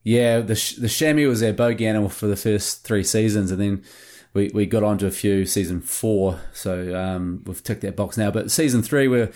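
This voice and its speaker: A man, a hunting show producer telling lively hunting stories in a casual interview. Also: lowish voice, moderate pace. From New Zealand. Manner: animated anecdotes with acted-out quotes.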